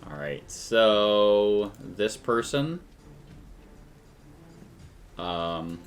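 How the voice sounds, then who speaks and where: A man acting as game master for a tabletop game, talking in a halting way with many fillers and restarts. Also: lowish voice, lively intonation.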